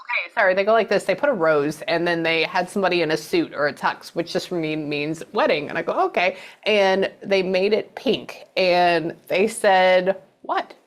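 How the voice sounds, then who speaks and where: A woman's voice: on the low side, normal speed, few pauses. A middle-aged woman giving a psychic reading, chatting away and acting out the messages she passes on. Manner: chatty, relays messages with quoted voices.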